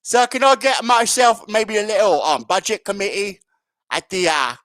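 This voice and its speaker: A man's voice: high voice, normal speed, fairly bright tone, no room sound, voice pushed up. A man putting on a mock Australian accent to play a groveling politician begging for a post. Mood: fawning. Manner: groveling, wheedling. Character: fawning male politician begging for a job.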